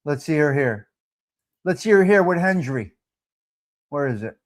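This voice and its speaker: Man, live show host, brash, swearing, very lively pitch. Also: a little slow. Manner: brash, profane, repetitive. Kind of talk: live talk show monologue.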